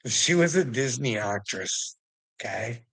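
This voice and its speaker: A man's voice: medium pitch, animated, a little slow, gravelly, fairly bright tone, breathy edge, no echo, rough recording. A man in an angry, profane commentary rant, firing off rhetorical questions and mocking taunts. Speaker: vlogger.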